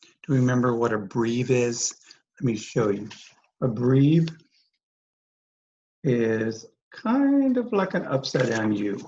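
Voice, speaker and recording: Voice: medium pitch, animated, slow pace, pauses often, a little mellow, lo-fi sound, a little hiss or hum. A teacher giving a recorded phonics lesson, speaking patiently, repeating each word and asking the listener questions. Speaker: dyslexia teacher.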